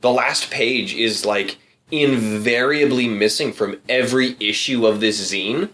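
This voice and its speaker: A man's voice: medium pitch, unhurried, sharp tone. A man co-hosting a casual podcast chat in a dry, wry way, drawing out words for emphasis. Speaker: podcast co-host and reader.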